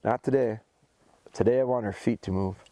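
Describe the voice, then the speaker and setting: A man's voice: fairly low pitch, moderate pace, dark tone, dry recording. A male dog trainer giving casual, step-by-step instruction outdoors, breaking off often to praise and call his dog. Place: outdoors by a rural road.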